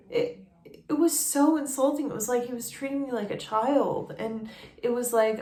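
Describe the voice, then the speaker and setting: A woman vlogging about her family, emotional and tearful, talking in halting bursts with many restarts. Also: fairly high pitch, warm tone, echoey room. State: raw nose from allergies. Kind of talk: personal confessional vlog.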